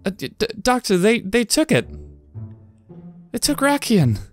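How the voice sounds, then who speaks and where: An eager little hospital boy in a game, pitched high as a man puts him on. He stammers when upset and bounces all over in pitch, with soft music behind. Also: big pitch swings, unhurried. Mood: excited. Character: excited young boy hospital patient.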